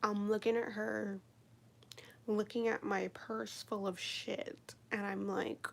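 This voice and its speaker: A woman chats on a live stream, rambling through a story with plenty of swearing and "like". Her voice is breathy and husky, at an ordinary pitch for a woman, and now and then she drops into a hushed whisper. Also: little pitch movement, slow. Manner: rambling, profane, fillers of "like". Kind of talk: casual storytelling chat.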